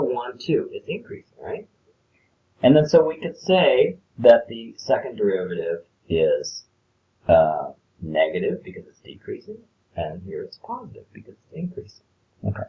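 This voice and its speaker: Man, very low voice, casual math walkthrough, muffled lo-fi audio. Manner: casual, explains step by step with filler words. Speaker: math teacher. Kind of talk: screencast lesson walkthrough.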